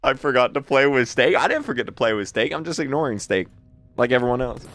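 A man's voice: medium pitch, very animated, quick pace, over music. A young man streaming a game live, joking around and laughing at his own pranks. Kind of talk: live-streamed gameplay chat.

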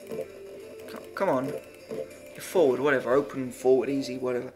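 A man's voice: mid-range voice, flat delivery, unhurried, pauses often, darkish tone, soft background music. A man playing a video game and commenting aloud, muttering, swearing often and reading the on-screen text as he goes. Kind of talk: let's-play commentary.

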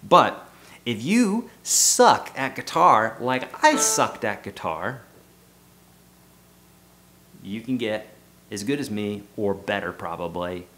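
A man's voice: lowish voice, lively intonation, slow pace, pauses often, a bit bright, slight background noise. Laid-back man teaching guitar. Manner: loose, joking, self-deprecating. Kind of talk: casual guitar lesson. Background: guitar playing.

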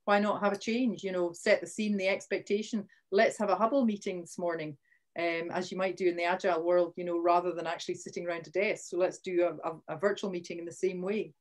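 A woman's voice: fairly low pitch, steady tone, fast talker. Chatty Scottish woman leading an online workshop. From Scotland. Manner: chatty, restarts sentences, punches key words. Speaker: workshop presenter. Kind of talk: live online training talk. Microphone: video call.

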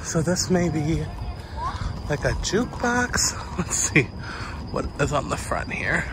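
A man's voice: fairly high pitch, very animated, slow pace, noisy background. Chatty male vlogger rambling to camera. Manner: chatty, rambling, many fillers. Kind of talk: casual vlog narration. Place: walking around a resort, then a hotel room.

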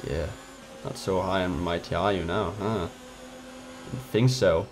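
A man's voice: sits low, moderate pace, pauses often, slight background noise. A man giving casual gameplay commentary, frustrated, swearing and trash-talking his rivals. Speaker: gamer.

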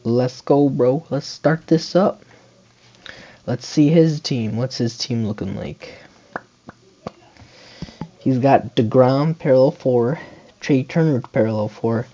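A young man talks through his baseball video game at an unhurried pace, muttering the plays to himself. His voice is warm and mellow, and the recording sounds dull and lo-fi, like a basic home mic. He jumps into loud excited whoops when something big happens. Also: medium pitch. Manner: muttering play-by-play with sudden excited shouts. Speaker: gaming channel host. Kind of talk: casual gameplay commentary.

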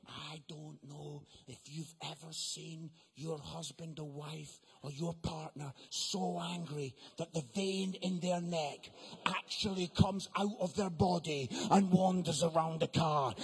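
A man preaching in a comic storytelling style, animated and acting out other people's voices, swinging between loud exclamations and hushed asides. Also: fairly high pitch, unhurried, slightly rough. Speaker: preacher and comedian.

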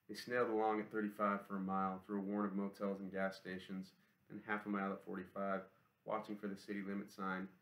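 A man narrating an audiobook in a steady, even reading voice. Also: low voice, fast, reverberant, rough recording.

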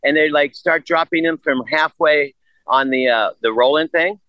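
A man's voice: a little high, normal speed, no echo, rough recording. A man in his sixties, a podcast guest, telling a story casually and animatedly, full of swearing and quoted back-and-forth. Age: 60s. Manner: profane, animated retelling of a story with quoted dialogue.

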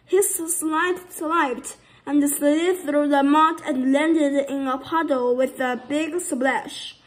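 A woman's voice: high-pitched, steady tone, slow pace, rough recording. A woman reading a playful children's story aloud, stumbling now and then.

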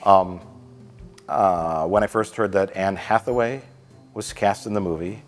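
A man hosting a casual film review chat, joking and slipping into quick impressions. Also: low-pitched, in a large hall, faint music behind. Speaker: film review show host.

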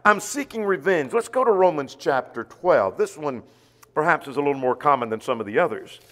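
Man, preacher, sermon, reads scripture, rhetorical questions, higher pitch, reverberant church. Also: animated, fairly quick, a bit bright. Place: church auditorium.

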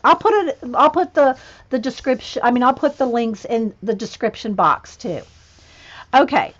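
A woman's voice: a little high, animated, moderate pace. A woman hosting a casual livestream, chatting to viewers as she pages through a coloring book, often chuckling and spelling words aloud. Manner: chatty, chuckling, reads out spellings and checks pronunciations. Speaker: livestream host. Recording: muffled lo-fi livestream audio.

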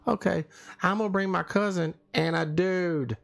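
Man voicing a sweet-talking mocking woman, high falsetto, gravelly edge. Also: steady tone, moderate pace, a bit bright. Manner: cooing, teasing falsetto.

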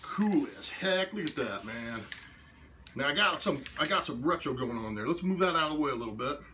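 A man's voice: mid-range voice, expressive, brisk, a little hiss or hum. A man demonstrating abstract painting in his studio, talking in laid-back hipster slang and muttering to himself as he works. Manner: mutters quietly while working.

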